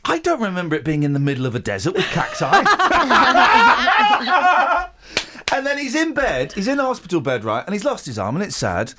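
A man's voice: high voice, very animated, normal speed, very noisy. A man in his forties hosting a radio show, rambling and joking with restarts in casual banter. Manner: rambling, jokey, stumbles and restarts. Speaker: radio host.

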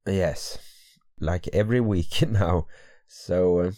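A man with a Swedish accent, Swedish his first language, co-hosting a podcast in English, groggy from just waking up and halting and hesitant with the language. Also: deep voice, warm tone, dry recording, clean studio sound. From Sweden. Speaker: podcast co-host. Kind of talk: casual podcast chat. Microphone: podcast microphone.

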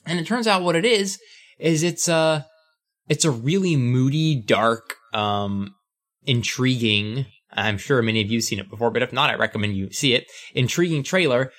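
A man's voice: medium pitch, normal speed, a bit bright. A man co-hosting a podcast in casual chat, playful and loose, with many fillers. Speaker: podcast co-host.

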